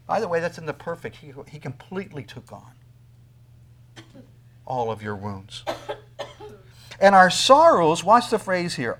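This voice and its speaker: A man preaching a sermon, talking to the congregation with rhetorical questions and swinging from loud emphasis to near whispers. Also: fairly high pitch. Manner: emphatic preaching with sudden loud peaks and quiet drops. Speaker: pastor.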